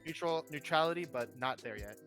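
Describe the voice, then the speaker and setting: A young man chatting casually on a livestream, telling rambling, animated stories. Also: a little high, fairly quick, soft background music. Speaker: guest streamer. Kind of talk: casual stream chat.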